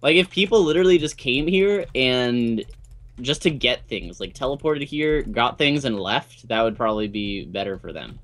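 A young man co-hosting a gaming channel, giving excitable, casual commentary on his game with quick bursts of cheering. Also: mid-range voice.

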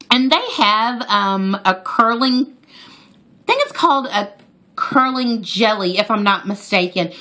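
A woman chatting to viewers while reviewing a hair product in a casual vlog. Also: a little high. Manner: chatty, animated, talks straight to viewers.

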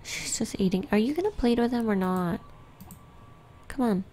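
A woman casually commenting on her own gameplay, often dropping to a soft whisper. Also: on the high side, lively intonation, normal speed. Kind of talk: casual let's-play commentary.

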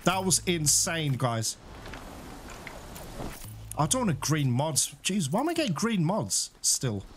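A man commentating a video game he is playing, excitable, swearing and cheering at the action. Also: a little high, slow, faint music behind. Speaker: gaming channel host. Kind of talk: let's play commentary.

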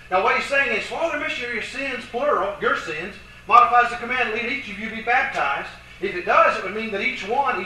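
A high, bright-voiced man lectures on scripture grammar with emphatic stress, drawing out quoted verses slowly. He is picked up from a distance in a very echoey room, with faint background noise. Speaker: Bible teacher. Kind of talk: lecture with charts.

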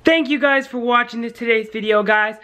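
A man's voice: extremely high pitch, brisk, smooth, faint music behind. A young man vlogging casually, teasing and playful while he films outdoors. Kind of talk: casual prank vlog. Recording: loud street noise.

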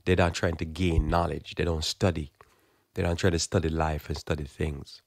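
Deep, gravelly-voiced male preacher. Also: flat delivery, dry recording, clean studio sound. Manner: conversational preaching with frequent restarts and repeated words; acts out quoted exchanges in a quick casual voice. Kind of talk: informal sermon.

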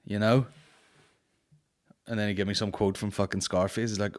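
Northern Irish man, podcast host, lowish voice, sweary, blunt, casual banter. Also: normal speed, pauses often. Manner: sweary, blunt, animated storytelling. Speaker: podcast host and stand-up comedian. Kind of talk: casual comedic chat, reading listener questions.

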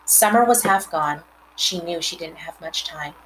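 A mother reading a storybook aloud and pausing to explain words and scenes to her listeners. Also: lowish voice, a bit bright, slight background noise, rough recording.

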